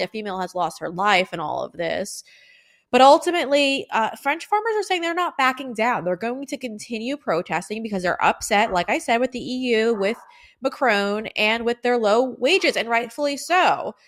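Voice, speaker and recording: A woman's voice: medium pitch, fairly bright tone. Female news host, conversational and opinionated, mid-range voice. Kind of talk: news commentary and interview.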